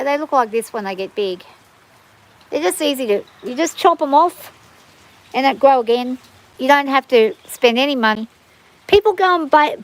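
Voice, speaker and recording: Livestreaming from her farm in the rain, a middle-aged woman with a bush Australian accent chats casually and wanders from topic to topic. Her voice sits high with a fairly bright tone, and the audio is poor.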